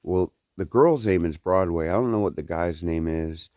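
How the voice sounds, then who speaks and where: A man's voice: sits low, normal speed, a little mellow, no room sound, studio quality. A young man, chatting in a rambling, laid-back way in a trail vlog, full of fillers and laughs, recorded outdoors on a handheld camera. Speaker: hiker vlogging his trail days. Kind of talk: casual trail vlog chat.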